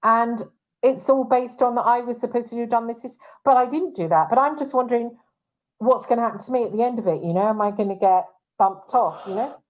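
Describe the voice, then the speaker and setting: A woman's voice: a little high, a little fast, low-quality recording. A woman hosting a casual talk show, speaking in an indignant, agitated way with frequent restarts and trailing fillers. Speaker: show host and private investigator.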